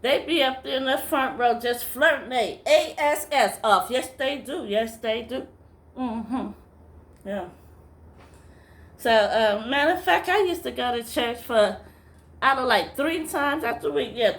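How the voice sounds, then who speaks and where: Slow-drawling woman telling a comic story. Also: high voice. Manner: slow drawl, answering herself with "yes, it is" and "mm-hmm".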